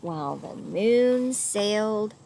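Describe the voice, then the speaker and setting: A woman reading a picture book aloud to children, doing animal sounds and pausing to ask her listeners questions. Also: medium pitch, animated, vocal fry, warm tone, a little hiss or hum. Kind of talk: read-aloud storytime.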